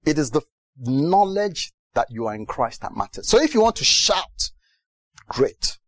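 A man from Britain preaching a sermon in a lively way, often asking the audience if they understand. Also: on the high side, measured pace, no room sound. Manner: lively, mimics other preachers, asks the audience questions.

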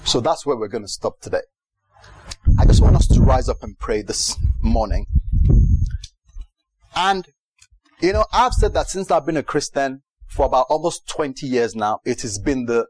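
A man's voice: mid-range voice, lively intonation, moderate pace, long pauses, dry recording, poor audio. A middle-aged male pastor preaching a sermon, telling stories with acted-out quotes and bursts of laughter.

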